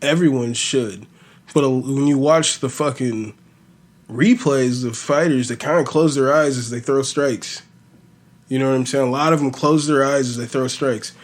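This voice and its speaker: Guy w a little lisp rambling on his podcast, swears a lot, normal middle pitch. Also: moderate pace. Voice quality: slight lisp. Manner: profane, rambling, animated storytelling. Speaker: podcast host. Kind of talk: casual fight-prediction chat.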